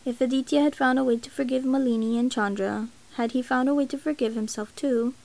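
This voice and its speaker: A woman reads a novel aloud in a steady, even way. Her voice is a touch high and has a gravelly texture. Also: brisk, poor audio. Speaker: narrator. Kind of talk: audiobook reading of a novel.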